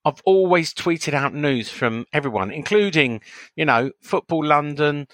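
A man's voice: on the high side, lively intonation, unhurried, fairly bright tone, no room sound. Man on a podcast, stammers and restarts, defensive, very dry close sound. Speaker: podcast co-host. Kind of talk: casual chat.

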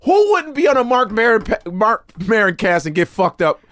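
A man from Chicago, a comedian guest, bantering in casual podcast talk, animated and profane with sudden loud outbursts. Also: high voice, moderate pace. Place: garage studio.

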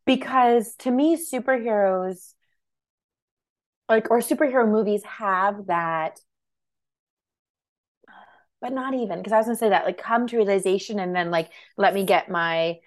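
A woman's voice: mid-range voice, a little slow, pauses often. A woman co-hosting a film podcast in casual chat, playful, teasing and opinionated. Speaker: podcast co-host.

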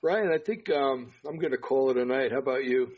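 A man's voice: mid-range voice, lively intonation, fairly quick, slightly rough. A tired man hosting a podcast, affirming his co-host and signing off with lots of fillers. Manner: affirming, loose and filler-heavy. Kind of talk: casual podcast sign-off. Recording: dull lo-fi podcast audio.

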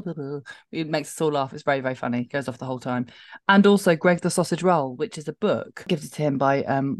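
A middle-aged woman co-hosting a casual chat, animated and laughing as she tells stories. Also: low voice, dry recording. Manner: chatty, laughing, animated storytelling. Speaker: podcast co-host.

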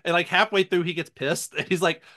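Speaking a little fast in a high voice, a man co-hosting a podcast keeps the chat relaxed. Frequent laughter and spirited storytelling mark his delivery.

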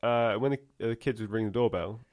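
A man's voice: lowish voice, quick pace, darkish tone. Laid-back man reading funny stories. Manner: laughs often, tells stories with a punchline. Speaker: podcast co-host. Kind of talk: casual podcast banter, reading listener stories.

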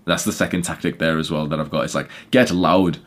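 A young man hosting a podcast, giving blunt motivational talk full of swearing and fillers, often getting loud. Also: extremely low pitch, fairly even intonation, fairly quick. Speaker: podcast host.

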